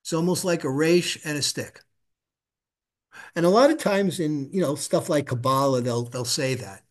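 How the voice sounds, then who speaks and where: Middle-aged man, slightly higher voice, unhurried tutor sounding out letters patiently. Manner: patient, repeats syllables slowly for the student to echo. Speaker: Hebrew reading teacher. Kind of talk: casual one-on-one reading lesson.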